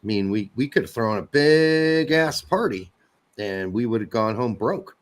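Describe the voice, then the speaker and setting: A man's voice: medium pitch, expressive, measured pace. A man co-hosting a podcast, rambling and joking in casual banter and swearing freely. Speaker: podcast co-host.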